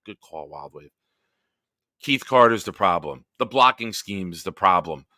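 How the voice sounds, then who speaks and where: A man's voice: low-pitched, animated, measured pace, sharp tone, no echo, studio quality. A man hosting a live-stream sports chat, ranting profanely and heatedly, then chatting with viewers. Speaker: host.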